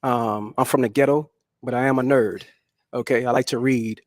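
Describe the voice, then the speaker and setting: A man answers dating show questions in an easy, laid-back way. His voice sits mid pitch and sounds dry and close, and he keeps tacking "right?" onto his sentences. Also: fairly even intonation, moderate pace, no echo. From New Orleans. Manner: laid-back, adds "right?" and "okay?" often.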